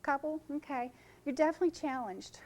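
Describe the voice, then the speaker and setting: A woman's voice: sits high, fairly quick, low-quality recording. A middle-aged woman giving a casual seminar to photographers, chatty and joking, jumping from topic to topic. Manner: chatty, jumps between topics, jokes with audience. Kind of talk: informal seminar talk to photographers. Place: conference room.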